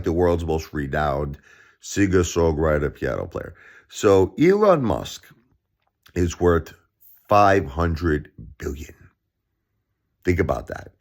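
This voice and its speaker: A man delivering a ranting vlog commentary, impassioned and emphatic, repeating himself and swinging up into shouts. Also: low voice. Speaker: vlogger.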